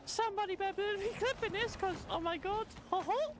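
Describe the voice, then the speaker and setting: A man putting on a silly, jolly accented voice with a squeaky tone, chortling "ho ho" between lines. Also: a little fast, noisy background. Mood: giddy.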